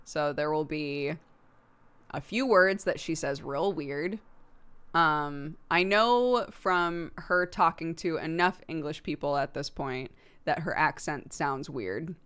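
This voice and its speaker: A woman's voice: low-pitched, takes it slowly, fairly bright tone, smooth. A young American woman hosting a casual livestream, chatting to her viewers and laughing often. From United States. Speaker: livestream host.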